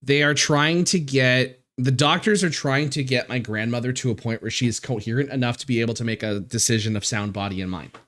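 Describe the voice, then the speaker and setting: A man streaming live, talking in a halting, emotional way with many restarts and swearing, close to tears. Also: mid-range voice, fairly even intonation, a bit bright. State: near tears. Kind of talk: casual live-stream chat.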